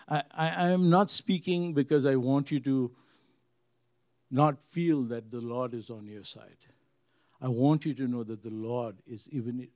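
An earnest man preaching to his congregation in a mellow, dark voice. He swings between loud emphasis and hushed, quiet lines and repeats his phrases for weight. The sound is close and dry. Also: mid-range voice, no echo. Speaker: pastor. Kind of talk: sermon.

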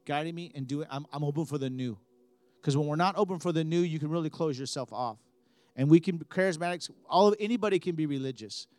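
High-voiced male preacher, fervent. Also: no echo. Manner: impassioned, rising to fervent high-pitched preaching. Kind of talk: sermon with prayer.

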